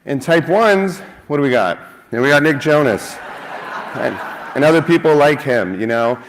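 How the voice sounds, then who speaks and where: A man's voice: fairly high pitch, expressive, normal speed, a little hiss or hum. A man speaking at a conference, joking and self-mocking, a little out of breath. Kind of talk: lively conference talk with jokes. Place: conference hall.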